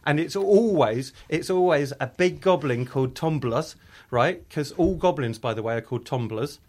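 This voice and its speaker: A man's voice: fairly high pitch, lively intonation, moderate pace, darkish tone. A man hosting a playful chat, spinning silly tales with teasing asides and lots of fillers. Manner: jokey, rambling, teasing, many fillers. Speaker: podcast host. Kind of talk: playful improvised storytelling chat.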